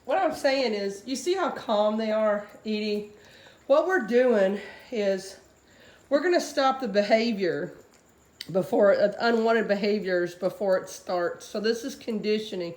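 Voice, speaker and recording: A woman's voice: unhurried, darkish tone. Chatty woman in an echoey room. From US Gulf Coast. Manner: chatty, switches to high baby talk for the puppies. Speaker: dog breeder. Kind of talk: casual vlog, talking to puppies. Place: home room with puppies.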